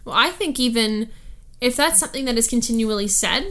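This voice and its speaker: Higher-voiced wife, earnest and laughing. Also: female voice, lively intonation, brisk, fairly bright tone. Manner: laughs often, earnest and reassuring. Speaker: podcast co-host. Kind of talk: casual chat.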